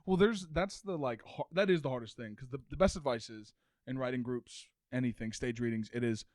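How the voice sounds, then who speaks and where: A man co-hosting a podcast in casual chat, teasing his partner with quick interjections and frequent laughter. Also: mid-range voice, a little mellow, no echo, clean studio sound. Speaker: podcast co-host.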